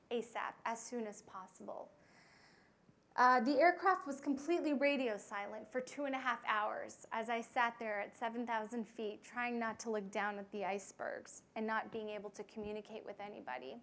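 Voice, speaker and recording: A young woman pilot telling a flying story to an audience, with frequent fillers and lively quoted voices. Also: fairly high pitch, moderate pace. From United States. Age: young adult. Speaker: pilot giving a talk.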